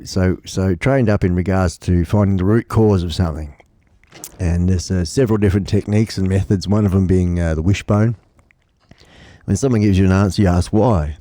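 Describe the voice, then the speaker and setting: A man's voice: deep voice, dark tone, no echo. A middle-aged man hosting a casual live stream from his home studio, rambling and joking with many restarts, stuffed up with a cold. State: blocked up with a cold.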